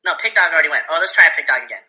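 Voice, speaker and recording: A man's voice: a little high, lively intonation, rapid-fire, pushed and bright, poor audio. A man moderating an online debate call in a casual, joking way.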